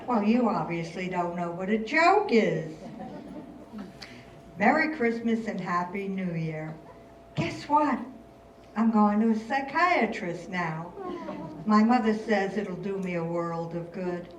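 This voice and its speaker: Older lady reading a snarky rich girl, slow and theatrical, echoey far-off hall. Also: mid-range voice, lively intonation, dull audio, a little hiss or hum. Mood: sardonic. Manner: sardonic, theatrical. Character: wry, rebellious rich girl writing letters. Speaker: actor in a staged reading. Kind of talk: stage reading of letters. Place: stage in a hall. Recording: roomy, distant hall recording.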